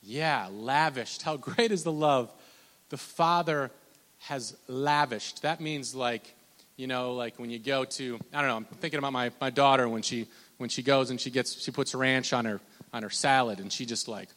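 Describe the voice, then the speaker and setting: A man, likely in his thirties, preaching a conversational sermon with lots of restarts and fillers, loud on his points and slow on scripture. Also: mid-range voice, long reverb tail. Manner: animated, pushes loud on emphasis, drawn-out slow scripture quotes. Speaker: pastor.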